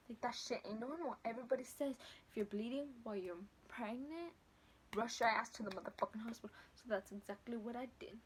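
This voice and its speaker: A young woman vlogger telling a story to camera in a casual, slangy, heavily profane and animated way. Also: a little high, breathy edge. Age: late teens to early 20s.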